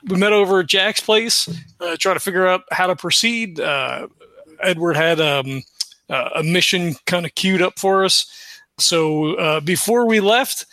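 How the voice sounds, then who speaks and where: Recapping the previous tabletop game session on a podcast, this man is relaxed, leans heavily on fillers, and laughs readily. He has a high, sharp-toned voice and a measured pace, with no room sound.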